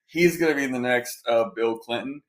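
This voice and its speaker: Texan co-host, crude profane jokester, mid-pitch, recorded in a roomy space. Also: male voice, moderate pace. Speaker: podcast co-host. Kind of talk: casual banter.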